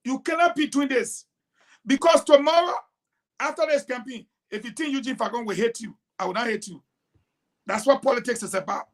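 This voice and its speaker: A woman delivers fierce political commentary on a talk show. Her voice sits high, and she jumps from loud, emphatic bursts to low, pointed asides. She is combative and lecturing. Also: moderate pace. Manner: emphatic, combative, swings between loud outbursts and quiet asides.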